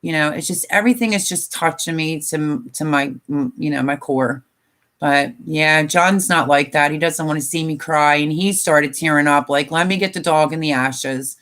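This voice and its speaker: A woman's voice: low-pitched, normal speed, fairly bright tone. An older woman chatting casually on a live stream, tired and emotional, rambling with many fillers. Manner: emotional, rambling, tearful at times.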